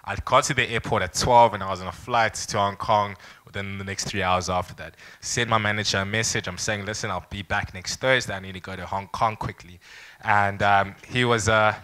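A young man from South Africa spins a personal anecdote for a live audience at a founders' event. His voice is bright and forward, and he slips into quick impressions of the people in his story. He keeps the room with him in a casual, storytelling style. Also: fairly low pitch. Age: young adult. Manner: lively anecdotal storyteller, acts out quoted people. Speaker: startup founder speaker.

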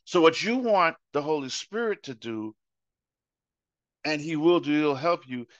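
A man's voice: on the high side, lively intonation, measured pace, dry recording, highs cut off. A man teaching a Bible study in a conversational sermon style, acting out everyday examples and repeating phrases to make his point. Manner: illustrates with acted-out examples and repetition.

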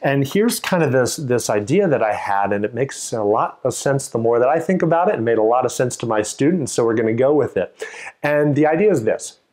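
A man's voice: mid-range voice, expressive, a little fast, a little mellow. A man teaching a test-prep lesson in a casual, conversational way, acting out short imagined exchanges as he explains. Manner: conversational, acts out quoted exchanges. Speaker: GMAT tutor.

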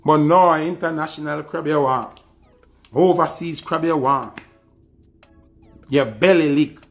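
Faint music plays behind this man's slightly slow, rather high voice. He's a social media personality with a Jamaican accent, and his diss video is a scornful, taunting rant in which the insults come again and again.

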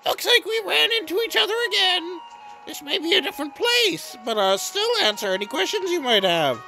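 A woman's voice: very high voice, very animated, a little fast, bright, forceful tone, soft background music, voice pushed up, heavily acted. A woman voicing a chirpy, upbeat tutorial guide who explains things in a sing-song way. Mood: cheerful.

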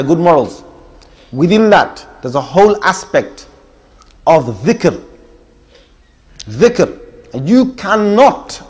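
A middle-aged man giving an emphatic Islamic lecture, listing points and challenging his listeners directly. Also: fairly high pitch. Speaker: Islamic preacher. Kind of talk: religious lecture.

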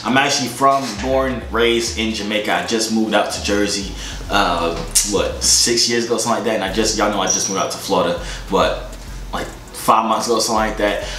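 A man's voice: on the low side, fairly even intonation, fairly quick, sharp tone, slight background noise. A young man vlogging in a joking, boastful way, full of slang, in a room. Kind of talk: comedic vlog chat. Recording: echoey room.

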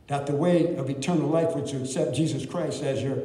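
A male pastor preaching a sermon with big swings in pitch and loudness. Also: steady tone, a little fast, few pauses. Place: church sanctuary. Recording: distant echoey church hall.

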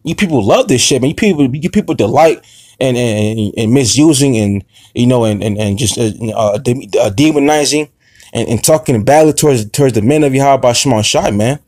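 A man preaching an informal sermon, halting with many fillers and restarts, confrontational and profane. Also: medium pitch, lively intonation, a little mellow, dry recording, studio quality.

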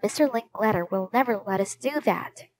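A woman voicing an excited, jokey young boy detective in a storybook reading. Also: medium pitch, moderate pace, natural voice. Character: cheeky, food-loving young boy.

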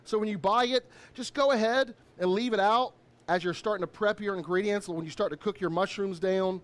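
A man's voice: high-pitched, a little fast. A man, a chef doing a live cooking demo in an upbeat, chatty way. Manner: upbeat, chatty, lots of shout-outs.

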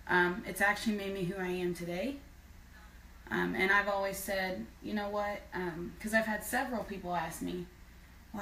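A woman's voice: mid-range voice, a bit bright, slight background noise. A woman singer in a casual live video chat, speaking earnestly with frequent fillers. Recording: roomy sound from far off.

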